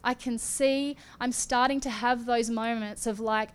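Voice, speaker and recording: Woman, charismatic preacher, prophetic, fervent, gasping exclamations, smooth resonant voice. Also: fairly high pitch, steady tone, unhurried, hardly any pauses. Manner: fervent, with rising exclamations and breathy gasps. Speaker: prophetic minister.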